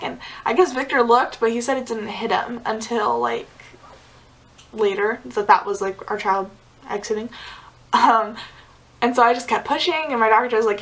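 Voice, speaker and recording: A woman's voice: fairly high pitch, moderate pace, fairly bright tone, poor audio. A young woman vlogger telling a personal story in a casual, chatty way, full of "like" fillers and small laughs. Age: young adult. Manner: chatty, many "like" fillers, giggly asides.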